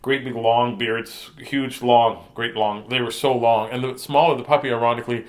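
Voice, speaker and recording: A man's voice: mid-range voice, steady tone, moderate pace. A man hosting a children's storytime, reading picture books and chatting in a playful, silly, joking way. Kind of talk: storytime reading and rambling chat.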